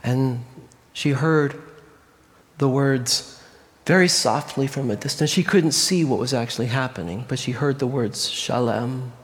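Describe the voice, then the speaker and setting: Hushed, expressive male storytelling preacher. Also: mid-range voice, unhurried, long reverb tail. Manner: expressive, often dropping to a hushed voice. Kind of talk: storytelling sermon.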